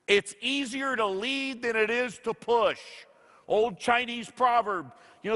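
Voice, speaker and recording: Bright high-voiced man in an echoey hall. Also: unhurried. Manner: storytelling, acting out quoted dialogue. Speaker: motivational speaker. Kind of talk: motivational speech to an audience.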